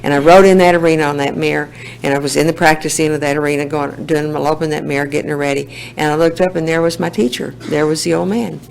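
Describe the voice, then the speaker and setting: A woman's voice: low-pitched, steady tone, fast talker, vocal fry, slight background noise, low-quality recording. A woman giving a personal testimony talk at a recovery meeting, telling her story in a plainspoken, homespun way.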